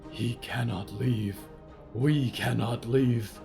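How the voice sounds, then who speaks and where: A man's voice: medium pitch, fairly even intonation, slow, gravelly, over music. A man voicing a stitched, uncanny servant creature who speaks stiffly and formally, with no contractions. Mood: stiff, uneasy.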